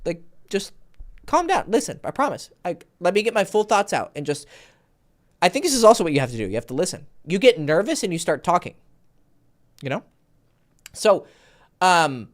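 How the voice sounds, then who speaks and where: The voice swings up and down in pitch and stays animated. He is a man coaching a caller on a livestream, with blunt, foul-mouthed advice that hops from one thought to the next. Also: moderate pace, pauses often. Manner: jumps between thoughts. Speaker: dating coach.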